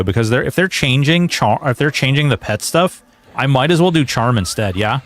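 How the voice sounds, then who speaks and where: A man's voice: medium pitch, animated, normal speed. A man streaming a game, chatting casually in a rambling, joking way and slipping into mock outrage. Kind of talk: casual gameplay commentary.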